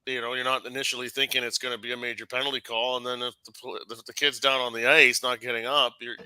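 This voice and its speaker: A man with a strikingly bright, cutting voice recorded dry and close. He talks through his refereeing experience in a loose, halting way, circling back and restarting often. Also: medium pitch, little pitch movement, clear, resonant tone, dry recording, rough recording. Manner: halting, many restarts and fillers. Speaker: hockey referee guest. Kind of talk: casual podcast conversation.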